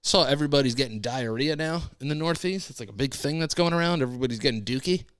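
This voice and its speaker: A man's voice: mid-range voice, fast talker, fairly bright tone, clear, resonant tone, no room sound. A man hosting a podcast, telling a casual rambling story and cursing freely. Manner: rambling, swears freely, laid-back storytelling. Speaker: podcast host. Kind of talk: casual monologue.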